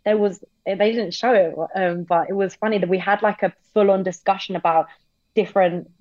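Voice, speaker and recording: A woman's voice: mid-range voice, steady tone, brisk, a little mellow, no room sound, lo-fi sound. An English woman guest chatting casually, peppering her talk with "like" and the odd swear word. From England. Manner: chatty, lots of "like" fillers and swearing. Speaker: podcast guest. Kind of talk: casual chat.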